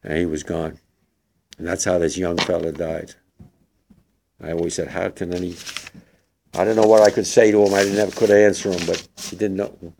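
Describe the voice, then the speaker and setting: An older man, a war veteran, gives spoken testimony to young listeners, halting and emotional with many restarts. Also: sits low, little pitch movement, creaky, noisy background.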